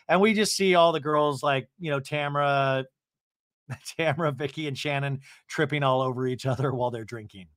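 A man hosting a podcast, recapping an episode with animated, sarcastic storytelling. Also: mid-range voice, fairly quick, no room sound, studio quality. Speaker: podcast host.

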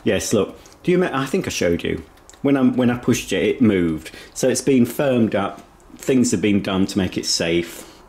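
A man's voice: fairly low pitch, lively intonation, normal speed, darkish tone. A man giving a casual, rambling video tour of a house, chatting while he eats. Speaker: vlogger. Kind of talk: casual home tour vlog. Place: inside a house.

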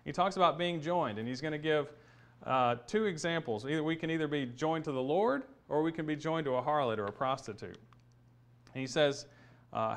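A man's voice: medium pitch, normal speed, a bit bright. Man teaching a Bible lesson. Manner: explanatory, thinking aloud with restarts and fillers.

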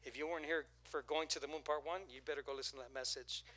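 Bright-voiced pastor preaching with swings in volume. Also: male voice, on the high side, fast talker. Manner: animated, swings from hushed to shouting, playful. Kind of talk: sermon. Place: church.

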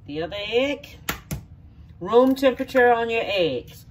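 In her own kitchen, a middle-aged home cook from the countryside talks viewers folksily through every step of a recipe. She speaks a little slowly in an expressive, higher-pitched voice, picked up from a distance with a bit of hiss or hum.

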